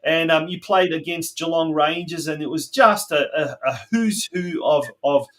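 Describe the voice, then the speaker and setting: A man's voice: fairly high pitch, normal speed, a bit bright. A middle-aged Australian man hosting a local soccer podcast, chatting casually with a guest, with plenty of fillers and restarts. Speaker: podcast host. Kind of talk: casual interview chat.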